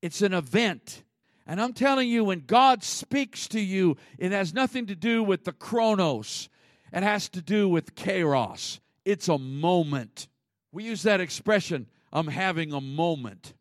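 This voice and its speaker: A man preaching a sermon as pastor, conversational, with sudden swings between loud emphasis and hushed asides. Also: sits high, lively intonation, a little slow, no echo, studio quality.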